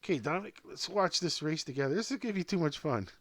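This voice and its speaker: Host type: a man with a slightly high, very bouncy voice, rambling through a casual home-made sports show, dry close sound. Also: lively intonation, quick pace, a bit bright, no room sound. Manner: rambling, talks to himself and to plush toys, laughs often. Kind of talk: casual off-script commentary.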